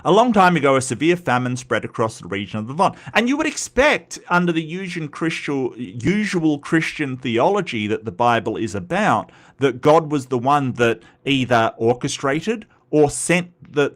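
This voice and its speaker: A man's voice: medium pitch, big pitch swings, moderate pace, few pauses. A man with an Australian accent hosting a live stream, chatting casually and reading chat comments, rambling with frequent stutters and restarts.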